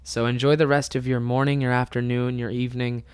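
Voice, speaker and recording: A young man hosting a solo comedy podcast, telling an animated personal story with plenty of swearing and laughter. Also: mid-range voice, a little fast, clear, resonant tone, dry recording.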